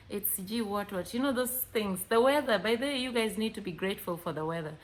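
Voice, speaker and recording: A woman with a Kenyan accent talking casually to camera, animated, acting out both sides of chats and mixing in Swahili words. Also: medium pitch, brisk, few pauses. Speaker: vlogger.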